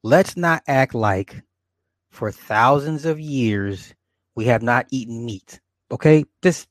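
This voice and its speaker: A man's voice: medium pitch, slow pace, no room sound, studio quality. A man in his forties hosting a casual livestream, rambling and swearing, laughing often and talking straight to his viewers. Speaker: livestream host. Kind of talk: casual livestream chat, reading comments.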